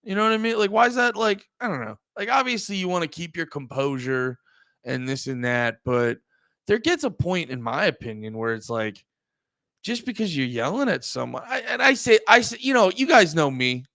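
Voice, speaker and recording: A young man, hosting a livestream and rambling through loud, profane casual commentary. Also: high-pitched, very animated, normal speed, no echo. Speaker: livestream host.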